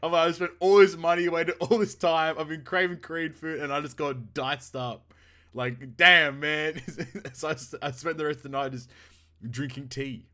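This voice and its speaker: Young male co-host, bright voice, animated storyteller who swears casually. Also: a little high, normal speed. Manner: animated storyteller, acts out quotes, laughs often, swears. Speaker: podcast co-host. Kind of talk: casual chat.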